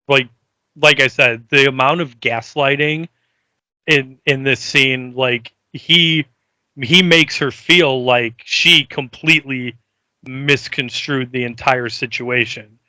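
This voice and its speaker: A man co-hosting a podcast, talking casually about a TV episode, measured, with frequent fillers. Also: mid-range voice, steady tone, sharp tone, clear, resonant tone, dry recording. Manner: measured, repeats "like" and "the amount of". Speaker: podcast co-host.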